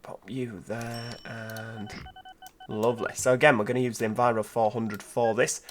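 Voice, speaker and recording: A man's voice: mid-range voice, steady tone, normal speed, slight background noise. A man giving casual let's-play commentary, thinking aloud and asking rhetorical tag questions. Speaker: gameplay commentator.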